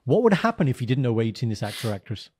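A man from the UK co-hosting a casual podcast chat, telling stories in an animated, teasing way. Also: medium pitch, rapid-fire, slightly rough, no echo, clean studio sound. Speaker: podcast co-host.

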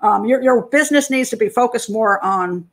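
Older American woman hosting her own channel; a chatty profiler with a slightly raised pitch who laughs easily, reads comments aloud and speaks to them directly. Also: normal speed, fairly bright tone. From United States. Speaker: criminal profiler and channel host. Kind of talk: casual live-stream commentary.

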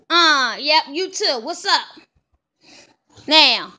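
A young woman filming a casual home vlog, playfully teasing and loudly calling out to toddler twins. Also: high voice, animated, a little slow. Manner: playful teasing, loud call-outs to small children.

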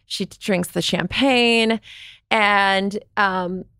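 A woman's voice: medium pitch, fairly even intonation, very slow, pushed and bright, clear, resonant tone, no echo, clean studio sound. A woman guest on a podcast, telling candid stories in a chatty way, filling her speech with "like" and acting out what people said. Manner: chatty, fills speech with "like", acts out quoted voices. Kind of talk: candid storytelling.

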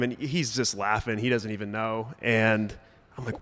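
Young adult male storyteller on a stage, easygoing delivery with comic timing and sharp bursts of emphasis. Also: on the low side, steady tone, moderate pace, big-room sound. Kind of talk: personal storytelling to a live audience. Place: stage at a brewery event.

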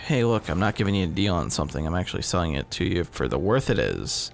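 This gaming video host has a low, gravelly voice with big pitch swings, talking fast with few pauses over slight background noise. His let's-play commentary is rambling and casual, full of self-mockery and frequent swearing, with game sounds and music behind him.

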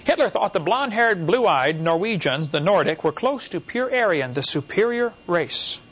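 A man's voice: high-pitched, sing-song, moderate pace, fairly bright tone, breathy edge. A man giving a classroom lecture, emphatic, talking in short repeated phrases and asking the class questions. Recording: dull, lo-fi class recording.

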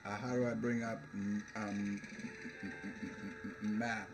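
A man's voice: fairly low pitch, flat delivery, measured pace. A man playing a video game and commenting as he goes, laughing often and stammering through fillers. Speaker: let's play host. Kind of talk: gameplay commentary.

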